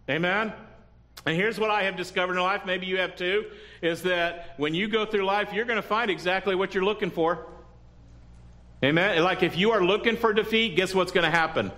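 A man's voice: sits high, pushed and bright. A man preaching a sermon who often checks in with the congregation and adds humorous asides. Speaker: pastor.

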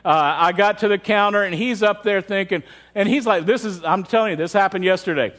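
A high-voiced male pastor preaches a sermon, telling candid and funny stories about his own faults. His delivery is frank and conversational, drawing the congregation in. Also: a little fast, fairly bright tone. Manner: candid, humorous storytelling.

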